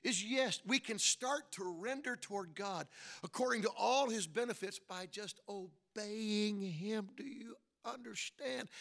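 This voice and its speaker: A middle-aged man preaching a sermon, asking the congregation questions and punctuating points with amens, swinging between soft and loud emphatic lines. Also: high voice, measured pace, gravelly. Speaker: pastor.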